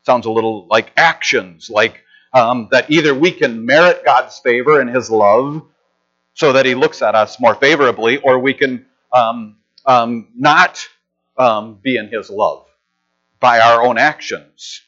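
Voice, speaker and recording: A man's voice: mid-range voice, measured pace, fairly bright tone. A middle-aged man preaching a sermon in a conversational, storytelling way with frequent restarts. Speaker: pastor. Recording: slightly dull lo-fi sound.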